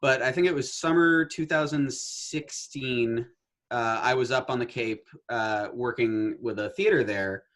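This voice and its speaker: A man's voice: medium pitch, a little slow, a bit bright. A man in his twenties, a guest musician and actor, chatting in an easygoing way and laughing often. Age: 20s. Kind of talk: casual interview chat.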